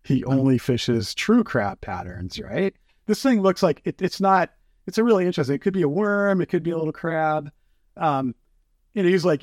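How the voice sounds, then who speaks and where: A man's voice: on the high side, sing-song, moderate pace, a little mellow, no room sound, studio quality. A man telling fishing stories in casual chat, acting out quotes with lots of fillers. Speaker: fly fishing guest.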